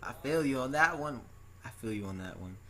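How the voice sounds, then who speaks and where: A man's voice: medium pitch, lively intonation, a little fast, sharp tone. A young man hosting an interview, telling stories in a loose, rambling way with lots of restarts. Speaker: interview host. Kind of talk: casual chat.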